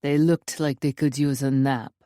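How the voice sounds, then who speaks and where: A woman's voice: extremely low pitch, fairly even intonation, moderate pace, mellow, dry recording, clean studio sound, voice pushed down. A woman voicing a huge, menacing male intruder with a Russian accent who speaks patiently and mockingly, in an audiobook.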